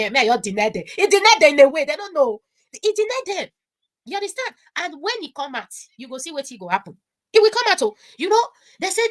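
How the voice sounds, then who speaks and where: This is a Nigerian woman speaking as a guest on an online discussion. Her voice sits high and sounds bright and sharp. She talks excitedly, mixes in pidgin and laughs often. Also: brisk. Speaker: guest commentator.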